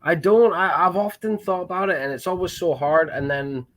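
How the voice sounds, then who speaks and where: A man's voice: high-pitched, normal speed, a crowd in the background. A man from Aberdeen with a mild Scottish accent, chatting casually and self-deprecatingly as a guest on a hobby podcast. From Scotland. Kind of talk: casual chat.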